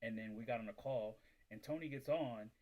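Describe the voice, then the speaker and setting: A man in the middle pitch range hosts a casual livestream, telling a story with animated energy. He fills his talk with "like" and slips into put-on voices for other people. His delivery is loose and chatty, as if talking to regular viewers. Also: a little fast. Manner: animated, acts out quoted voices, heavy use of "like". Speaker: reselling business livestream host.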